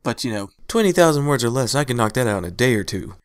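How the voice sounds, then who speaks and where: A man's voice: medium pitch, very animated, fast talker, smooth. A man narrating fan fiction aloud, then chatting casually with his listeners. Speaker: audiobook narrator.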